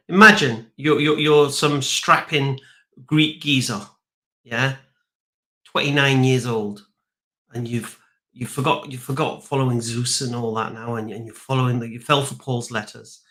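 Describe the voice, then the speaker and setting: Man, debater, animated and argumentative. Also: mid-range voice, moderate pace. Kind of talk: debate argument with comic storytelling.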